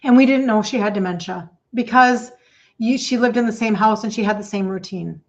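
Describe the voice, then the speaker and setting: A woman's voice: mid-range voice, a little fast, lo-fi sound. Middle-aged woman coaching emphatically. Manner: emphatic and repetitive, addresses viewers by name. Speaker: health coach host. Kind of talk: emotional livestream talk.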